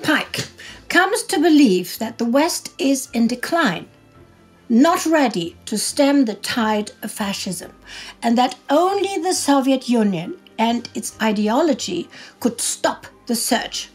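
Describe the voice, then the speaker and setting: A woman co-narrating a history documentary in a measured, emphatic way with hushed asides. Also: on the high side, big pitch swings, breathy edge, faint music behind.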